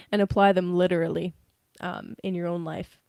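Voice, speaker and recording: A woman's voice: fairly low pitch, steady tone, unhurried, creaky, mellow, no room sound, studio quality. A woman giving a casual live tarot reading, giggly and rambling, with frequent swearing. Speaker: tarot reader.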